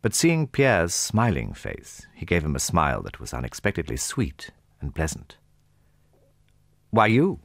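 A man narrating a classic novel in a measured, expressive storytelling manner. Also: very deep voice, vocal fry, no echo. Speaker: audiobook narrator.

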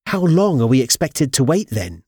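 A man's voice: mid-range voice, sing-song, moderate pace, darkish tone, husky, no room sound, studio quality. A man voicing a skeptical, impatient young woman, a sister, in an audiobook. She murmurs and mutters.

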